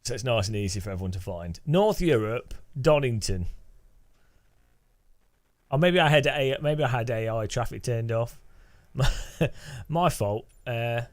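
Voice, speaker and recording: A man's voice: mid-range voice, lively intonation, measured pace, pauses often. A man hosting a gaming channel, chatting casually through his gameplay with cheeky jokes and frequent giggles. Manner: giggly, laughing often between remarks; cheeky, joking banter.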